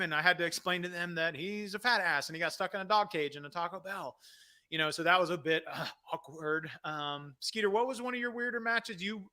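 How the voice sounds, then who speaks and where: Man, comedy show host, rambling casual chat, very bright sharp voice, a bit high. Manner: rambling, self-deprecating, many fillers. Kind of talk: casual comedy chat, reading viewer questions.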